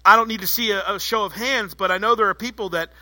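A male pastor delivers a sermon with emphatic, repeated phrases. His voice sits high and cuts through with a very bright edge. The sound is dry, with no room echo. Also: quick pace. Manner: emphatic, rhetorical, repetitive.

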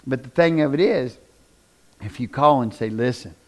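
A man's voice: medium pitch, moderate pace. A man preaching a sermon to a congregation, telling stories, joking with the room and closing in prayer. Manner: animated, acts out people in quotes, jokes with the room.

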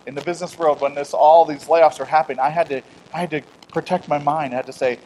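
A middle-aged man delivers a conversational sermon in a somewhat higher voice. He moves between loud, emphatic declarations and quiet, personal storytelling, sometimes acting out bits of dialogue with self-deprecating humor. A faint background ambience sits under the voice. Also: fairly even intonation, fast talker, hardly any pauses, slight background noise, rough recording. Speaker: pastor.

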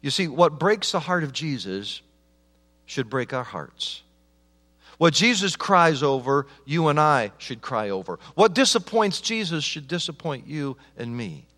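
A man preaches in a church sanctuary, his fairly high voice carrying a long reverb through the hall. He moves from raised, emphatic lines to soft, slowed, hushed ones, repeating words as he restarts phrases. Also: sing-song. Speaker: pastor. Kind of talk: sermon.

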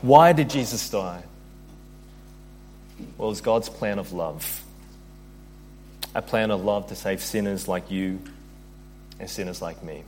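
A man's voice: deep voice, slow pace, pauses often, darkish tone, a little hiss or hum. A man preaching a sermon as pastor, earnest, reading scripture aloud and building in intensity.

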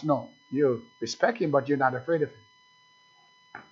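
A man preaching a sermon, emphatic, stretching words slowly to stress the scripture. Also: mid-range voice, slightly rough, soft background music. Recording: dull lo-fi recording.

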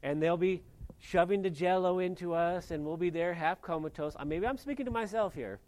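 Man preaching, gets loud then drops real low, reads scripture and explains it. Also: a little fast. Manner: animated preaching, swinging between loud emphasis and quiet low reading. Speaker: pastor. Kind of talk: sermon.

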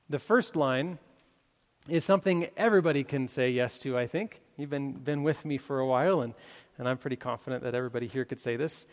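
A man's voice: medium pitch, a little fast. A man preaching a sermon, telling a story with many fillers and restarts before making his appeal. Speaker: pastor. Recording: long hall reverb.

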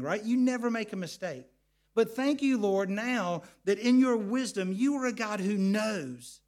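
Pastor guy, middle-aged, fairly high voice, earnest and a bit stumbly, repeats words. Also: expressive, normal speed. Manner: earnest, repeats words, tells family stories. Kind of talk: sermon.

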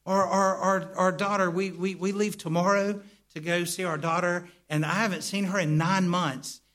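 Guy preaching, pretty high voice, chatty, keeps asking the crowd "right?". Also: normal speed. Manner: animated, calls for responses from the congregation; stumbles and repeats words, conversational. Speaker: pastor. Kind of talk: sermon.

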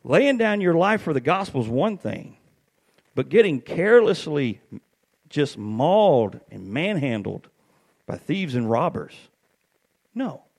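A middle-aged man preaching a sermon, telling stories with animated swings up to shouted peaks. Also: on the high side, unhurried, vocal fry, pauses often.

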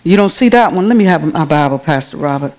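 A woman's voice: low voice, lively intonation, fast talker, a little mellow. Woman preaching to her congregation. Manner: conversational, calls out to the congregation. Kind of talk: sermon. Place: church.

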